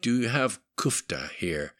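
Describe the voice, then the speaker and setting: A man's voice: mid-range voice, animated, a little slow, fairly bright tone, pitched above the performer's own voice. A man doing a weary Russian traveler. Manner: blunt, weary. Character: tired middle-aged Russian man traveling alone.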